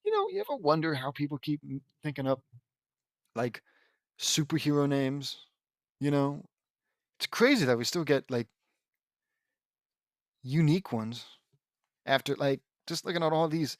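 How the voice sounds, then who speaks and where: A man's voice: a little high, sing-song, unhurried, pauses often, dry recording. A man reading a fan fiction aloud in a casual way, breaking off to joke and laugh about the text. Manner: reads quoted battle cries, then breaks off with joking asides and laughs. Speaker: audiobook reader reacting to a fan fiction. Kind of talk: casual read-aloud with commentary.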